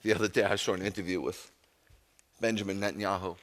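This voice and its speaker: Deep voiced rabbi guy preaching, emphatic, gets intense. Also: steady tone, quick pace, fairly bright tone. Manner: emphatic storytelling, rising intensity. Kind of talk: sermon.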